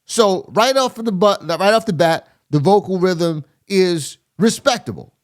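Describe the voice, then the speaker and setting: A man's voice: high voice, lively intonation, measured pace. A man hosting a music reaction video, chatting casually as he breaks down rap lyrics and scats rhythms to explain them. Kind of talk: casual rap critique commentary.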